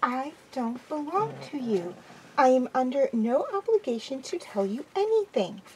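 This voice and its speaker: A woman voicing a sharp-tongued young woman mechanic in an amateur audiobook reading, speaking dryly. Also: sits high, lively intonation, unhurried, distant mic, slight background noise, voice pushed up, rough recording. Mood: defiant.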